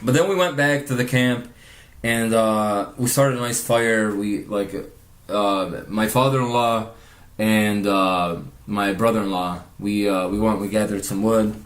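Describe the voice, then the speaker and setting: A man's voice: on the low side, steady tone, a little slow, roomy sound. A man telling a rambling, profane story in casual vlog narration, laughing often. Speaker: vlogger narrating over a speed painting.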